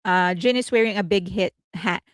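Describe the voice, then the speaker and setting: A woman hosting a casual entertainment news livestream, chatty and rambling, laughing often and thinking out loud. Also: mid-range voice, normal speed, no echo.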